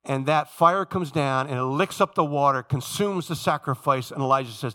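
A man's voice: medium pitch, moderate pace, hardly any pauses, sharp tone. A male pastor preaching a sermon to his congregation, telling Bible stories and acting out the characters' lines, often checking in with the church. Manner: storytelling, acting out biblical figures' lines; addresses congregation directly.

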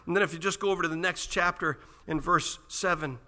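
Bright-voiced man preaching a sermon. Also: fairly high pitch, brisk, few pauses, long reverb tail. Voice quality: earnest, emphatic preaching delivery. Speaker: pastor.

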